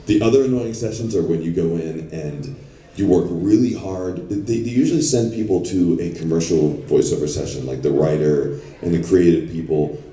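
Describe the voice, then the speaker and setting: A man's voice: low-pitched, dark tone, distant mic. A man speaking as a guest on a convention panel, telling rambling, chatty stories. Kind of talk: anecdotal panel talk. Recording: echoey convention room from afar.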